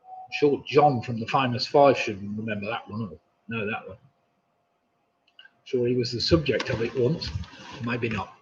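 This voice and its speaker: A man's voice: mid-range voice, normal speed, long pauses, slight background noise. A man hosting a live pub quiz, reading questions with chatty, jokey asides. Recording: dull lo-fi stream audio.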